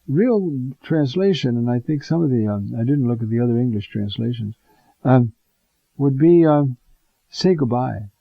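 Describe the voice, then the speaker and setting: Gravelly priest in a rambling homily. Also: male voice, medium pitch, animated, moderate pace, no room sound, dull audio. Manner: conversational, many fillers and asides.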